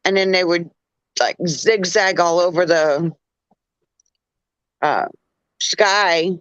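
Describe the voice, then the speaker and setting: Woman, slow halting storyteller, high voice, dry dull close sound. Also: clean tone, no room sound. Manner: halting, searching for words. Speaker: guest. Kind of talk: casual storytelling.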